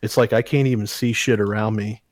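A man's voice: lowish voice, fairly even intonation, a little fast, darkish tone, no room sound. A man co-hosting a podcast, telling a story in casual, profane, heated chat. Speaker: podcast co-host.

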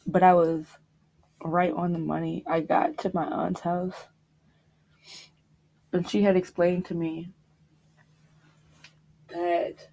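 A young woman on a podcast telling a personal story about grief, halting and reflective, with pauses and restarts. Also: on the low side, flat delivery, vocal fry, warm tone. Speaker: podcast guest.

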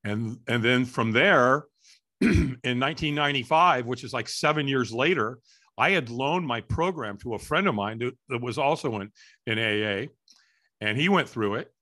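A middle-aged man telling a story as an interview guest, lively and acting out the voices of people in it. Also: mid-range voice, normal speed. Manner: animated, acts out voices in his story. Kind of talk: storytelling in conversation.

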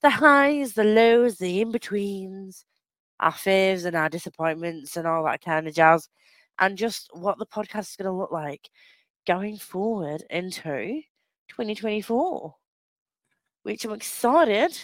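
A woman's voice: medium pitch, lively intonation, a little slow, dry recording, studio quality. A woman from the UK co-hosting a casual chat podcast, giggly, rambling and sweary. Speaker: podcast co-host.

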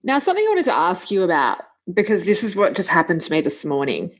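A woman's voice: fairly low pitch, huge pitch swings, fast talker. A woman, hosting a podcast and telling stories in a chatty way, laughing often. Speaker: podcast host. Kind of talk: casual chat.

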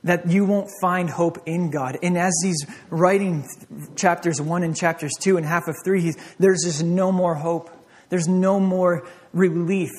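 A man's voice: on the high side, darkish tone. A man preaching a conversational sermon as pastor, acting out back-and-forth dialogue with God.

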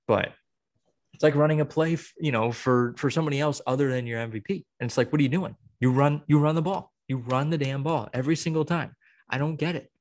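A young man co-hosting a podcast, venting in a rambling, exasperated way with many restarts. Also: medium pitch. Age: young adult. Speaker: podcast co-host. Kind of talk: casual chat.

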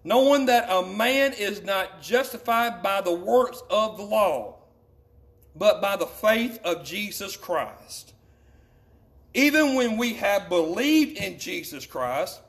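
A high-pitched male pastor delivering a church sermon. He reads scripture in a slow, deliberate way and often repeats phrases for emphasis. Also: creaky, fairly bright tone.

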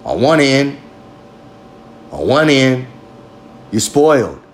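Man, podcast host, casual monologue, swears a lot, rambling, emphatic, mid-pitched voice. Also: sing-song, slow pace.

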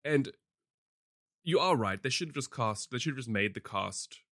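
A man's voice: medium pitch, animated, moderate pace, fairly bright tone, no room sound, studio quality. A man hosting a podcast, chatting casually about films in a rambling way with many fillers and frequent laughs. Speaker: podcast host reviewing films. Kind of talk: casual chat.

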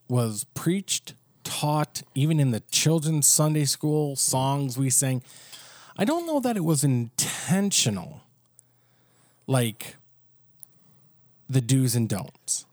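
A man's voice: a little high, darkish tone, no room sound. Man talking faith in a dry podcast. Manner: conversational, thinks aloud with restarts and "you know". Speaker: podcast co-host. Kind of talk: casual faith podcast chat.

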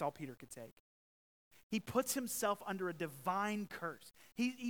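A man preaching a sermon as pastor, emphatic and swinging from loud, stressed lines to hushed ones. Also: high-pitched, sing-song, normal speed, poor audio.

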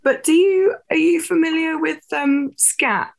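A woman's voice: very high voice, a little slow, gravelly. A young English woman in casual podcast chat as a guest actress, chatty with frequent laughs and fillers.

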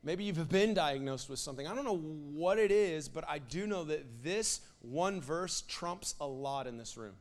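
A young man preaching with a high, bright voice. He speaks in a loose, conversational way, full of "like" and restarts, then rises into loud, fervent proclamations as he works himself up. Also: animated, normal speed, few pauses. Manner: impassioned, builds to loud prophetic declarations with fillers like "like". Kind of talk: sermon.

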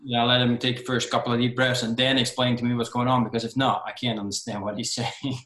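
A man's voice: medium pitch, level tone, fast, fairly bright tone. A man hosting a podcast interview, conversational, with frequent brief backchannels. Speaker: podcast host. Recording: echoey room.

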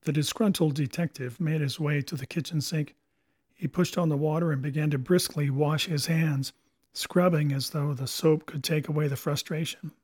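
Guy reading an audiobook, bit husky, fairly high voice, dry close mic. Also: fairly even intonation, normal speed, a little mellow, dry recording. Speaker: narrator. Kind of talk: audiobook narration.

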